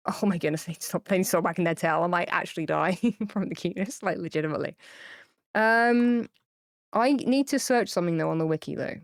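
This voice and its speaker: A woman's voice: mid-range voice, dry recording. Chatty woman streamer with a dry close sound. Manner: rambling and chatty, many fillers and restarts; gushing and tearful over cute pets. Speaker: game streamer. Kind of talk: casual livestream chat to viewers. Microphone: streaming mic, camera off.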